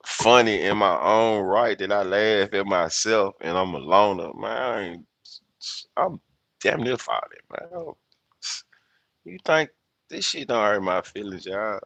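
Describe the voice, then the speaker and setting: Gravelly fifty-something Memphis man rambling. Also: fairly low pitch, expressive, slow pace, pauses often, fairly bright tone, no room sound. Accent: Southern US, Memphis. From United States. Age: 50s. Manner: loose, rambling and profane, laughs at himself. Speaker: livestream host. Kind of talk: casual livestream chat.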